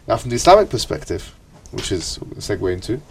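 Lowish male teacher quizzing a class. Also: very animated, brisk, recorded from a distance, a little hiss or hum. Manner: questioning, repeats words, checks with "right?". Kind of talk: classroom ethics lesson.

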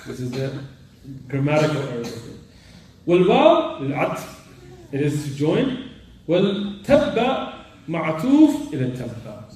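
A man's voice: on the high side, wildly swooping pitch, takes it slowly, pauses often, a little mellow. A man teaching a class of students on Quran commentary and Arabic grammar. He quizzes his students and mixes Arabic terms into his English. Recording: very echoey room, voice far from the mic.

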